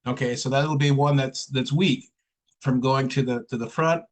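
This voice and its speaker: A man with a mid-range voice and fairly even intonation drills English pronunciation with a single student online. He is patient and slow, repeating sounds for the student to imitate. The audio quality is rough.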